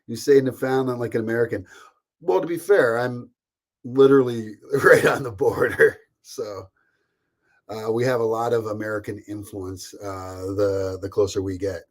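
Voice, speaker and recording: A man's voice: lowish voice, steady tone, moderate pace. A man hosting a casual live stream from home, rambling chattily, greeting viewers by name and laughing often. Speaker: livestream host.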